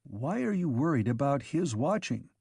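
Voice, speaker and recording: A man's voice: mid-range voice, big pitch swings, normal speed, gravelly, a little mellow, breathy edge, no room sound, studio quality, full character voice. A man reading a blunt, probing male officer questioning a robot.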